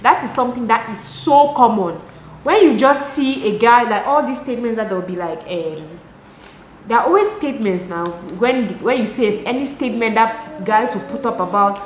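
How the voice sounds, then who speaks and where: A woman's voice: a little high, normal speed, slight background noise. Chatty Cameroonian woman vlogging, echoey room. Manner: animated, talks with her hands, rhetorical and exasperated. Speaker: lifestyle vlogger. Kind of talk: casual chat to camera.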